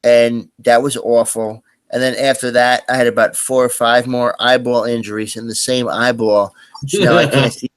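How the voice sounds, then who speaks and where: A man's voice: mid-range voice, flat delivery, moderate pace, smooth, dry recording. A man hosting a live stream, chatting casually and rambling with lots of fillers and restarts. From US East Coast. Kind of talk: casual chat.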